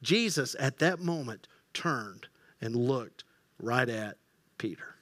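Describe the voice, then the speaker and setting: A man preaching a sermon as pastor, telling the story with lively acted-out quotes and hushed quiet passages. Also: medium pitch, slow, no echo. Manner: animated storytelling, acting out quoted voices, dropping to hushed tones.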